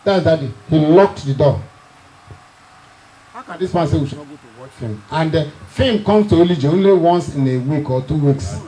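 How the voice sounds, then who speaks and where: His fairly high, mellow voice is expressive and moderately paced, with frequent pauses. The middle-aged Nigerian man is telling amusing family stories at a reunion, chuckling and teasing those listening, and the recording is rough.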